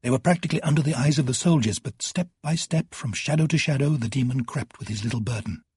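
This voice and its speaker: A man narrating an audiobook in measured, dramatic storytelling. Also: medium pitch, darkish tone, husky, no echo, studio quality. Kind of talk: scripted narration.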